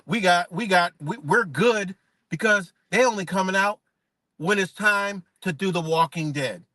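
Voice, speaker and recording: A man's voice: sits high, measured pace, bright, forceful tone, no echo. A man ranting on a live stream, heated and profane, firing off rhetorical questions. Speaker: livestreamer. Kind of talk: unscripted live-stream rant.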